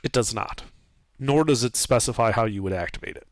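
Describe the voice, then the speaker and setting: A man narrating a tabletop game as game master, describing scenes in a halting way with fillers. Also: fairly low pitch, no room sound. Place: streamed online session.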